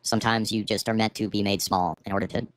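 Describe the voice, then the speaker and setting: A middle-aged man's lowish voice comes through clean and echo-free, fairly bright, with fairly even intonation and a quick pace. Sitting at home, he livestreams a bitter, profane rant about his life through a streaming mic with auto gain.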